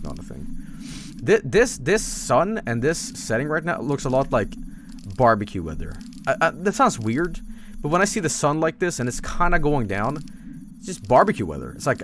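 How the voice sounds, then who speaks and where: A man's voice: mid-range voice, noisy background. A man from Sweden with a Swedish accent, casually rambling and swearing while commenting on a game stream.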